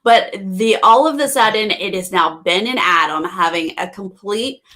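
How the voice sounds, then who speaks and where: A woman's voice: medium pitch, normal speed. A woman co-hosting a casual recap show, acting out quotes as she talks. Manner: animated, acts out quotes. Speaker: co-host.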